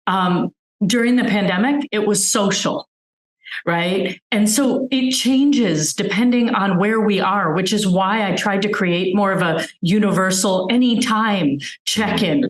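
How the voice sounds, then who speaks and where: A woman's voice: mid-range voice, a little slow, echoey room, low-quality recording. A woman physician giving a webinar talk, earnestly explaining with everyday examples over a video call. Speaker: physician guest speaker.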